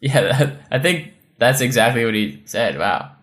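A man's voice: mid-range voice, big pitch swings, moderate pace, a bit bright. A man co-hosting a podcast who chats casually about games in a laid-back, teasing way and laughs easily. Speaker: podcast co-host.

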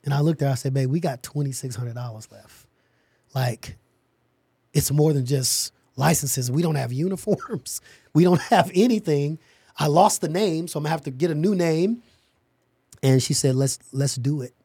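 A middle-aged man, a podcast guest, telling an animated story about starting his company and acting out the dialogue. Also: on the high side, normal speed, husky, no room sound, clean studio sound.

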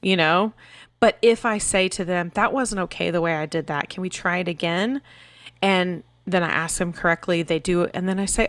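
An earnest woman in her thirties talks through parenting stories in a relaxed podcast chat, now and then acting out her kids' voices. Her voice sits a little low for a woman, and the recording is dry and close with no room sound. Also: moderate pace, no echo. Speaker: podcast co-host. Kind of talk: casual parenting discussion.

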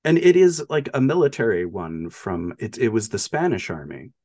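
A man's voice: fairly low pitch, very animated, normal speed, darkish tone, no room sound, studio quality. A man co-hosting a podcast, casually retelling a movie with lots of laughs and filler words. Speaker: podcast co-host.

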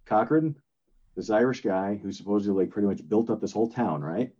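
An older man with a very deep voice talks casually on a podcast. He rambles, stops and restarts, and fills gaps with ums. The sound is a little dull and lo-fi. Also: fairly quick, dark tone, breathy edge. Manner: rambling, lots of fillers and restarts. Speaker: podcast co-host. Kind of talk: casual chat.

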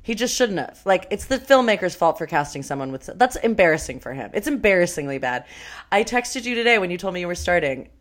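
A woman co-hosting a podcast, chatting casually about a film, animated, laughing and swearing often. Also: fairly low pitch, quick pace. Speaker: podcast co-host.

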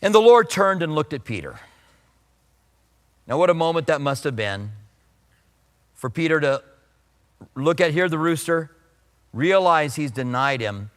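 A man's voice: fairly high pitch, big pitch swings, unhurried, long pauses, big-room sound. A man preaching a sermon in a conversational way, acting out the voices he quotes. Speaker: pastor.

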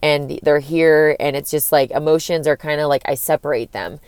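A woman's voice: sits low, fairly even intonation, moderate pace, darkish tone, clear, resonant tone, no echo. A young woman talking candidly in a casual vlog, rambling with lots of "like" and swearing freely. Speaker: vlogger giving breakup advice.

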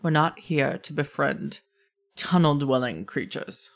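A woman's voice: deep voice, lively intonation, measured pace. A woman voicing a stern male companion who gives curt, decisive orders in a tabletop game. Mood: firm. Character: stern male companion, bossy leader type. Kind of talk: tabletop role-play.

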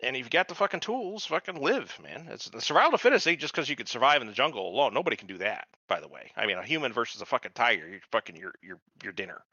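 A man's voice: mid-range voice, very animated, racing, few pauses, sharp tone, breathy edge, no room sound, dull audio. A man co-hosting a podcast, ranting in a casual and profane way about a TV episode. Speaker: podcast co-host. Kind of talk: casual TV recap chat.

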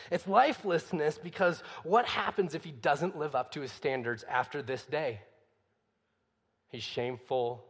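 A man's voice: mid-range voice, a bit bright, husky, in a large hall. A man preaching a sermon in a conversational way, full of rhetorical questions. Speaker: pastor.

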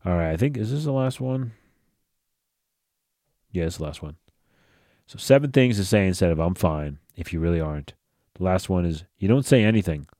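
A man talks through a casual solo podcast in a low, mellow voice that sounds a little tired, and he yawns. He speaks bluntly and swears freely in a loose, expressive, conversational way at a moderate pace, pausing often. The sound is dry and close, with no room sound.

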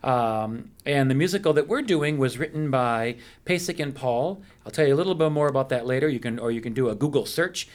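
A middle-aged man hosts a local radio program from a studio. His delivery is loose and chatty, full of ums and playful asides, at an ordinary mid pitch for a man. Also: fairly quick, hardly any pauses. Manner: chatty and playful, with many fillers. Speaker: radio show host. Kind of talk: casual radio interview.

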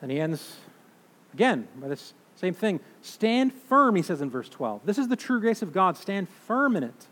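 A man in his thirties or forties preaching a sermon, emphatic, swinging between loud declarations and hushed, slow phrases. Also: on the high side, very animated. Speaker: pastor. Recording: long reverb of a large hall.

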